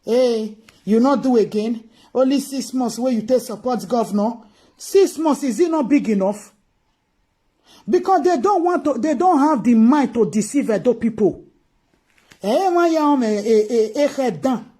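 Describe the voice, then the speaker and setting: Emphatic Nigerian woman commentator, mellow voice. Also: a little high, lively intonation, normal speed. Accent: Nigerian Pidgin English, Edo. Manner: emphatic, repeats key phrases. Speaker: political commentator. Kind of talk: live-streamed political commentary.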